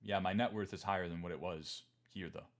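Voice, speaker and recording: A man's voice: sits low, fairly even intonation, fairly quick. A young man in his twenties giving a candid, emphatic livestream talk about markets and holding through downturns. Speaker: trading streamer.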